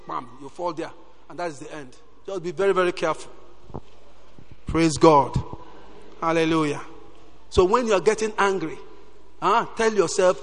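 High-voiced preacher in a reverberant hall. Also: male voice, normal speed, long pauses. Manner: animated, peppers talk with "Hallelujah". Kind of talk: sermon.

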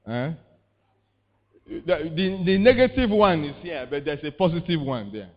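A man's voice: a little high, very animated, normal speed. A man, preaching a sermon in call-and-response style, repeating words and prompting the congregation with questions. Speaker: pastor. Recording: reverberant, muffled sound.

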